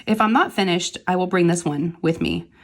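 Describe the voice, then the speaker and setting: A woman's voice: fairly low pitch, normal speed. A woman, a mother, chatting casually and rambling as she works on a craft project, laughing easily between thoughts. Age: adult with kids. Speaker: crafting channel host. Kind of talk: casual chat while diamond painting.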